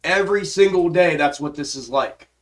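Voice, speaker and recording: Man, fairly high voice, impassioned profane rant, restarts and repeats, live stream from home. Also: moderate pace. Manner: profane, repetitive, frustrated ranting with frequent restarts. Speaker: stock trading live streamer. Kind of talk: impassioned ranting monologue.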